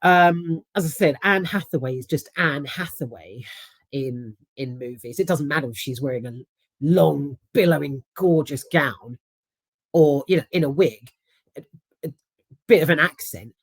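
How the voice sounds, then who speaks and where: A woman with a lowish voice talks through a film in a loose, rambling way, restarting her sentences and swearing for emphasis. The sound is dry and close, with no room echo around her. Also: lively intonation, a little slow, slightly rough. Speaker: film reviewer. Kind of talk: casual spoken film review.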